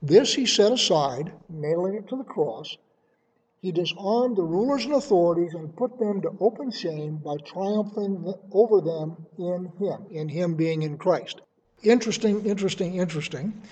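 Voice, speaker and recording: A man's voice: high-pitched, lively intonation, normal speed, darkish tone, a little hiss or hum. A man giving a conversational sermon, explaining scripture verse by verse with everyday examples. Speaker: Bible teacher.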